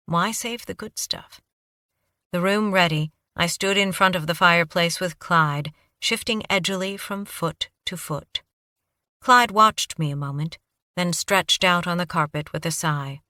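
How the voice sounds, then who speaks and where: A woman narrating an audiobook in steady first-person storytelling. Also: fairly low pitch, unhurried, no room sound, studio quality.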